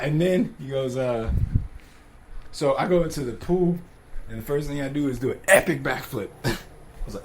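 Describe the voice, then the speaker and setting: A man's voice: mid-range voice, lively intonation, moderate pace, slight background noise. Laid-back young man telling stories. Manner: laid-back, laughs often, swears freely; acts out dialogue in shifting voices. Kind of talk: casual storytelling.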